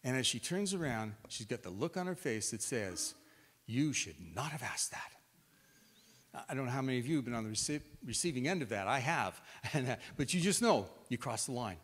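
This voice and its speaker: A man preaching a sermon, retelling scripture in an animated storytelling way as if acting it out. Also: medium pitch, a little fast. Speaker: pastor. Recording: reverberant hall.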